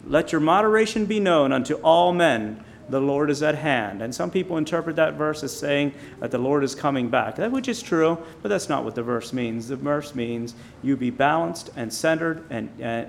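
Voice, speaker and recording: A man preaching an informal sermon, building up loud on key phrases and dropping quiet on others. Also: mid-range voice, expressive, gravelly, a little hiss or hum. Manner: emphatic, rising loud on key phrases, slowing on quiet points.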